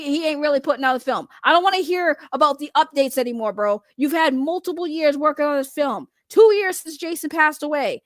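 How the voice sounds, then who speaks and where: A woman's voice: sits high, no room sound, clean studio sound. A woman giving heated, profane reaction commentary as a vlogger, repeating her angry points. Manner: heated, profane, repetitive ranting.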